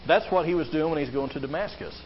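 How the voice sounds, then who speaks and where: A man's voice: a little high, quick pace. A man preaching a sermon as a pastor, earnest, often asking the listeners questions. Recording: slightly dull lo-fi sound with faint background hiss.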